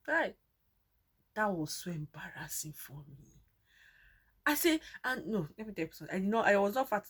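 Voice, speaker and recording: A woman's voice: fairly low pitch, breathy edge. A young woman with a Nigerian accent telling a personal story in a casual, dramatic way, often repeating herself for emphasis. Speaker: vlogger.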